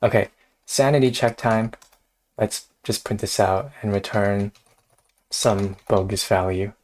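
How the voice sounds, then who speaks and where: A man's voice: lowish voice, unhurried, darkish tone. A man hosting a casual live coding stream, thinking aloud in a hesitant way and often laughing. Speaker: streamer host.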